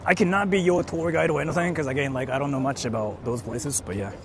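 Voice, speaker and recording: A man's voice: fairly high pitch, quick pace, crowd noise. A young man live-streaming outdoors on a city street, reading chat aloud and rambling with lots of "like". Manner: rambling, heavy use of "like". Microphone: portable streaming mic.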